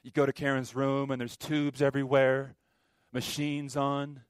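A man preaching a sermon as a pastor, impassioned, with sharp swings from loud to quiet. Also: medium pitch, little pitch movement, measured pace, clean tone, no room sound, studio quality.

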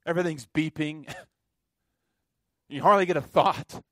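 A man preaching a sermon as a pastor, impassioned, with sharp swings from loud to quiet. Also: on the high side, a little slow, dry recording, clean studio sound.

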